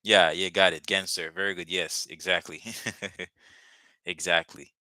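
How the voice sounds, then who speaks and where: A man's voice: low-pitched, steady tone, a little slow, bright, forceful tone, dry recording, studio quality. A man teaching a live language lesson, patiently repeating words and phrases for his students.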